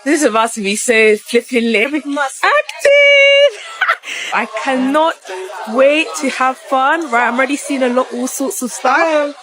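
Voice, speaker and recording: Young woman, very high voice, giggly street vlog. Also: moderate pace, music in the background, rough recording. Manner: giggly and excitable. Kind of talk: casual travel vlog. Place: outdoors on city streets.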